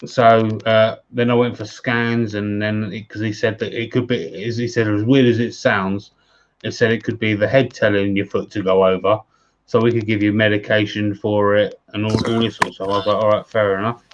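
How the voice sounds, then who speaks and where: Man, Australian accent, low pitch, muffled call audio, rambling casual chat. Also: level tone, normal speed. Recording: dull call audio with faint noise.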